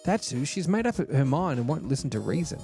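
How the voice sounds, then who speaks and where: A man reading as a jumpy young hustler who talks quickly and pleads his case. The voice is raised and excitable, with game music under it. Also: fairly high pitch, pitched above the performer's own voice. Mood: defensive. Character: fast-talking young male hustler, jittery and defensive.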